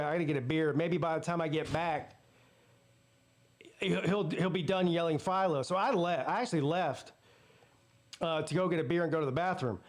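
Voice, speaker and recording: High-voiced, profane football fan host. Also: male voice. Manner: casual, profane, ranting. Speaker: sports channel host. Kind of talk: live game watch-party commentary and storytelling.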